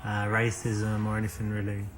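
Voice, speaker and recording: A man's voice: on the low side, completely flat delivery, normal speed, noisy background, lightly acted. A man with a British accent playing a cocky, flirty Englishman chatting up a date in a video game. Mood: flirting. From England. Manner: boastful, flirty and teasing. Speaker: dating game protagonist. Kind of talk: full-motion video game dialogue.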